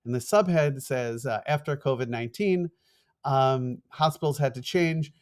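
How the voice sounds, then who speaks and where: A middle-aged man with a New York accent, a former TV producer lecturing fast in an online course and acting out quoted emails. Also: medium pitch. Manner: fast-talking, animated, acts out quoted emails.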